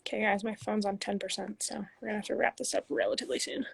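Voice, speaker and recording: Chatty woman with a gravelly, husky voice. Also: medium pitch, little pitch movement, quick pace. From Canada. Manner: reads questions aloud then answers chattily. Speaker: professional soccer player answering fan questions. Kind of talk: casual livestream Q&A. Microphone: phone.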